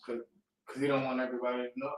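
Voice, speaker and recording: A man's voice: medium pitch, level tone, very fast. A man in a class giving short, hesitant answers to the teacher's questions. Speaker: student in the class. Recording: echoey room, faint noise, heard from a distance.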